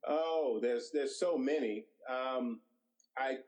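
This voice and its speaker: A middle-aged director, guesting in an interview, shares anecdotes in an animated way and acts out the dialogue he quotes. He speaks slowly in a mid-range voice, captured on a low-quality recording.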